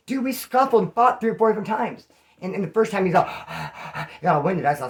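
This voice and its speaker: A man telling a rough personal story in casual, profane street slang. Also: sits high, expressive, fast talker. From California. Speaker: vlogger.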